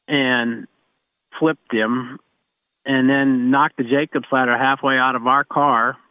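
A man's voice: mid-range voice, dry recording. A man who works as a race car mechanic, telling rambling stories and chuckling as he goes. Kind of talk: anecdotal storytelling. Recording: phone-line interview.

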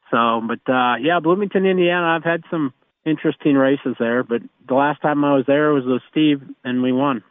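A man who fixes race cars tells meandering stories and laughs softly as he talks, recorded on a phone line. His mid-range voice moves at a normal speed, and there's no room sound.

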